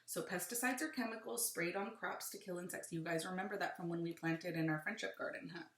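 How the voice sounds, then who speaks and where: Teacher reading aloud in an echoey room. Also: female voice, on the low side, brisk, a bit bright. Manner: adds friendly asides to young pupils. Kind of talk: reading a picture book aloud to children.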